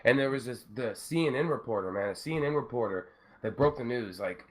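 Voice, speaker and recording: Rambling, animated young man. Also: medium pitch, a little fast. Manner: rambling, animated storytelling with many fillers. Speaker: show co-host. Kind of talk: casual podcast chat.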